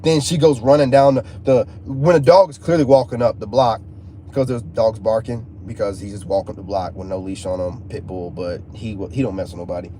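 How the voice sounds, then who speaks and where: A man's voice: fairly low pitch, steady tone, brisk, warm tone. A man telling a personal story to viewers in casual, emphatic talk full of slang and repeats. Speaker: channel host. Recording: faint background noise.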